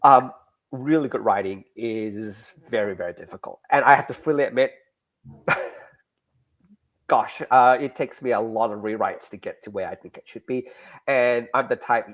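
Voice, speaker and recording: A man being interviewed about his comics, talking in a lively, casual way with frequent restarts. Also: medium pitch, normal speed. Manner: animated, restarts mid-sentence. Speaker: guest comics creator.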